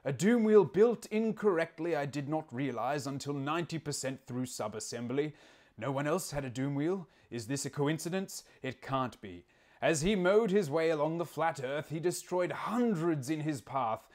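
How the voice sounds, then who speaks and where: A man reading a boastful statement aloud in a put-on British accent, with slow, mock-solemn, grandiose delivery. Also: fairly high pitch, animated, natural voice.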